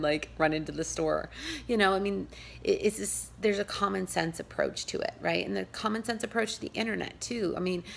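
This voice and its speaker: Gravelly new york lady rambling on her vlog, laughs a lot, kinda low voice. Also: slight background noise. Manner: rambling, chatty, laughs often. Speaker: pagan channel host. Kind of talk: casual vlog chat.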